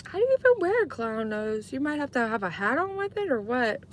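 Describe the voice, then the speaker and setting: A woman with big pitch swings talks fairly quickly over a little hiss or hum while live streaming. Chatty and casual, she talks to viewers, answers their comments, and mimics sweet talk in a high voice.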